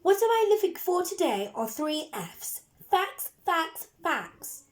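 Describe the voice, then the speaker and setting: A woman's voice: extremely high pitch, sing-song, slow pace, voice pushed up, heavily acted. A woman voicing a strict, bossy female schoolteacher in a storybook reading, bellowing stern commands.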